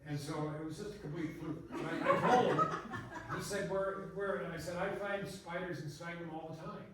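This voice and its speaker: In a brisk, steady, somewhat high voice, an older botanist invited to give a public talk spins meandering, laugh-filled stories that wander off on tangents. Background noise is present, and the recording sounds distant and echoey.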